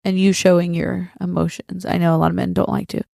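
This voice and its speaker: Woman, podcast co-host, low gravelly voice, flat pitch, earnest tender delivery. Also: fast talker, no echo, clean studio sound. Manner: earnest, tender, speaking directly to listeners. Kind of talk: heartfelt faith-based talk.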